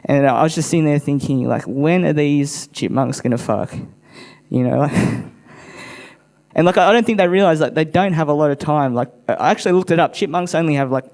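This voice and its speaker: A man's voice: a little high, fast, a little mellow. Laid-back crude male comic. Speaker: stand-up comedian. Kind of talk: stand-up routine.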